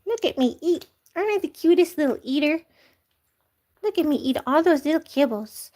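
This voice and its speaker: A woman's voice: high voice, animated, normal speed, darkish tone, pitched above the performer's own voice. Woman putting on a cocky kitten voice. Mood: boastful. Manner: giggly, bragging, sing-song. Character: boastful greedy male kitten, tiny and cocky. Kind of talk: playful pet voice for a vlog.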